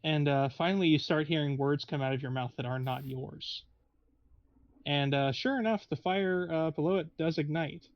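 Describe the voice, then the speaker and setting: A man's voice: fairly high pitch, moderate pace, no room sound, muffled recording. A man narrating as game master of a tabletop game in a meandering, hesitant way. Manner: meandering, hesitant, frequent restarts.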